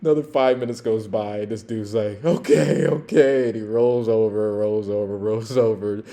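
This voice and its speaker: A middle-aged man, a former police officer hosting a podcast, tells stories in a relaxed, chatty way with lots of fillers. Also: fairly low pitch, normal speed. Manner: relaxed and chatty with many fillers, laughing at his own story. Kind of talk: casual storytelling.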